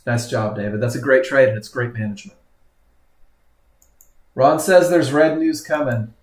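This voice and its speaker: A man's voice: medium pitch, normal speed, reverberant. A man teaching a live trading webinar, commenting on charts and often exclaiming at what the market does. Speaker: trading instructor.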